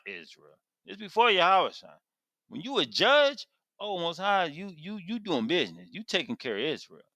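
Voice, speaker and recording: A man teaching scripture with big swings in pitch, rising high when stirred and dropping low to muse. His voice is bright and forceful and sounds close and dry. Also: dry recording. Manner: emphatic, retells scripture in casual vernacular. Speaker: Bible teacher. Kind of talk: animated Bible teaching.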